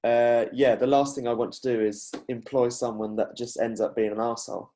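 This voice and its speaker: A man hosting a podcast, chatting casually with a guest and telling stories, with lots of "like" and quick agreement. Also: medium pitch, flat delivery, dark tone, slight background noise. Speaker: podcast host.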